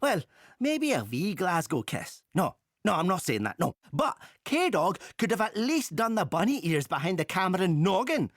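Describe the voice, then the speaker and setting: A woman playing a cheeky Glaswegian man who rattles off slang in pally, animated banter, his voice leaping up and down. The sound is dry and close, with no room around it. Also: lowish voice, normal speed, no room sound. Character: male politician doing a broad Glaswegian voice. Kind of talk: sketch comedy.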